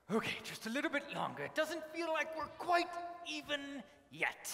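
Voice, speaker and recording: A man plays Joseph as a high, lively, pompous official with a fake posh British accent. His voice rings with a gravelly edge. The recording sounds like a long echoing church hall with background noise. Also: a little slow, full character voice. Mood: flustered. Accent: put-on posh British. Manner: pompous, theatrical, breaks into flustered asides. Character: Joseph, a grand official hiding his identity. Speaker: skit actor. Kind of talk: church kids' skit acting.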